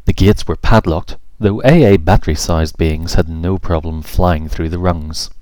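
Deep-voiced man narrating a storybook. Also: measured pace, a little mellow, dry recording.

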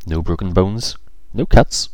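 Man, storybook narrator, wry, playful, very low voice, dry close mic. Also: a little slow, darkish tone, no echo. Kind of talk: storybook reading.

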